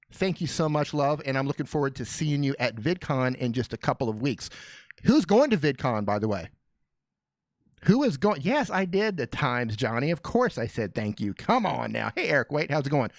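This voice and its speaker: A man hosting a casual live question-and-answer stream from a small studio, joking and greeting viewers by name in an excited, fired-up way. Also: mid-range voice, no echo.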